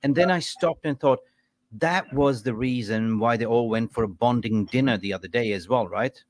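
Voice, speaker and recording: A man hosting a live call-in fan show, upbeat, giving callers shout-outs. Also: mid-range voice, moderate pace, dry recording. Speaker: host.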